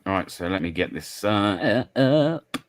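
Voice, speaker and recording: Stream host: relaxed man with a low voice, dry close-mic sound. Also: unhurried, dry recording. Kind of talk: casual live-stream chat.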